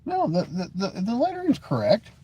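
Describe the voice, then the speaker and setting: A man's voice: sits high, huge pitch swings, moderate pace, warm tone, a little hiss or hum. A man hosts a casual live stream, talking straight to his chat in a slightly raised voice. He teases viewers with heavy sarcasm, breaks into laughter often, and trips over repeated words as he goes. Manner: mocking, sarcastic teasing with frequent stammered restarts.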